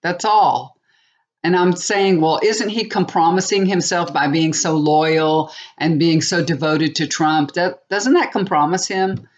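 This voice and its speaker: A woman's voice: lowish voice, a little slow. A woman in her sixties, a tarot reader, chatting to viewers in a rambling, self-mocking way, with laughs along the way. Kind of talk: casual monologue to viewers. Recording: dull lo-fi home recording.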